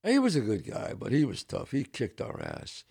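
A man's voice: medium pitch, normal speed, gravelly, breathy edge. An older man with a Bronx New York accent, telling stories as a podcast host and acting out the voices of people he quotes. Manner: animated storyteller who acts out quoted voices. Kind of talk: casual storytelling.

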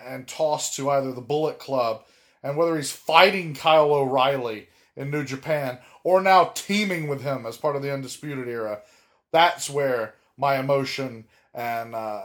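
A man co-hosting a casual wrestling podcast, talking animatedly with emphatic, drawn-out words and frequent restarts. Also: mid-range voice. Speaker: podcast co-host.

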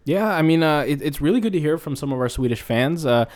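A man's voice: on the high side, animated, fast, a little mellow. A man co-hosting a podcast in casual chat, musing and a little hesitant. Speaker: podcast co-host.

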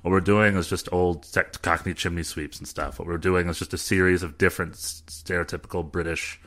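Deep bright-toned man, self-deprecating. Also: steady tone, fairly quick. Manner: self-deprecating, laughing often. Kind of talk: casual chat about improv.

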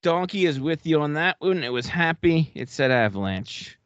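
A man's voice: on the high side, animated, moderate pace, fairly bright tone, clear, resonant tone, dry recording. A man hosts a casual chat, cracking jokes and swearing without a second thought. His voice sounds dry and a bit dull, as if recorded on a lo-fi setup. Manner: joking, swears freely. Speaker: podcast host.

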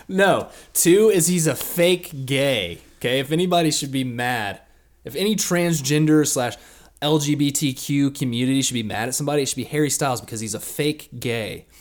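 Male podcast co-host, mid-range voice, cheeky provocateur in casual banter. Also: mid-range voice. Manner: provocative, half-joking hot takes. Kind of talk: casual comedic chat.

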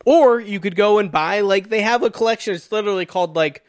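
A man co-hosting a podcast, chatting casually and laid-back, laughing often and tossing in quick replies. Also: high voice, slight background noise. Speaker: podcast co-host. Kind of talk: casual chat about movies.

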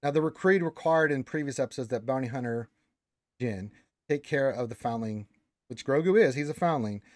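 A man's voice: mid-range voice, brisk, no echo, studio quality. A man hosting a casual fan discussion, explaining lore at length with restarts and notes read aloud.

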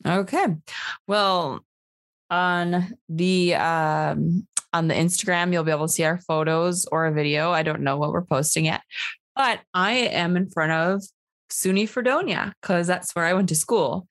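A young woman co-hosting a podcast, chatty and teasing, with quick reactions. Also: lowish voice, no room sound. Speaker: podcast co-host. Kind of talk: casual podcast chat.

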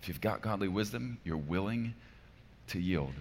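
Male pastor, forties, low voice; emphatic sermon delivery that swings soft to loud, long reverb of a large hall. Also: expressive, normal speed, slight background noise.

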